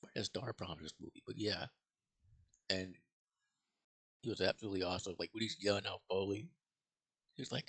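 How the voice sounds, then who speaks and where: Deep gravelly man rambling casually. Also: brisk, long pauses, fairly bright tone. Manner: rambling, profane, with many fillers and restarts. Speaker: movie reviewer. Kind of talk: casual spoken movie review.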